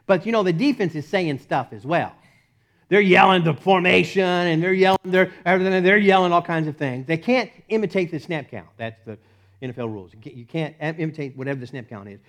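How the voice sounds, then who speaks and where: A man preaching a sermon in a conversational, animated way, swinging between loud peaks and hushed asides. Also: sits high, a little fast. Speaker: pastor.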